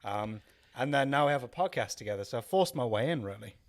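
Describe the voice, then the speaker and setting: A man's voice: medium pitch, expressive, fast talker, vocal fry. A man co-hosting a casual podcast over drinks, rambling and self-deprecating with many restarts. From Wales. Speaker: podcast co-host.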